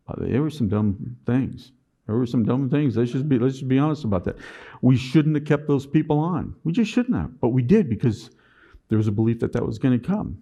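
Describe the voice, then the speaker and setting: A man's voice: medium pitch, moderate pace. Man telling a business story on stage. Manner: animated storyteller acting out his own past self. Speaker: conference speaker. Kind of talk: personal business story told to an audience.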